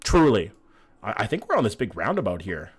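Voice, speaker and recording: A man's voice: fairly low pitch, wildly swooping pitch, fairly quick, husky. A young man, casually chatting and swearing while playing a map-guessing game on a live stream and greeting his chat.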